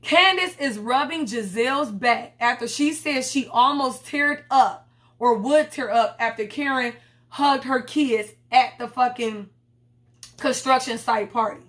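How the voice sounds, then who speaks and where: A woman's voice: fairly high pitch, unhurried, a bit bright. A young woman reviewing a reality TV episode in a blunt, profane, slangy casual chat. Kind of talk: casual commentary vlog.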